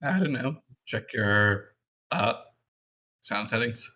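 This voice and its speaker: Slow-talking man with a bright voice. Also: medium pitch, animated. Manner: laughs often, unhurried. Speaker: tabletop game player. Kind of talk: casual chat before a game session.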